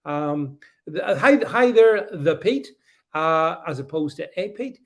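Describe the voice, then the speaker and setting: Reading out comments from his viewers, a political livestream host answers with emphatic sarcasm in a slightly high voice, lively in intonation yet measured in pace. He stammers, restarts often, and drops sarcastic asides.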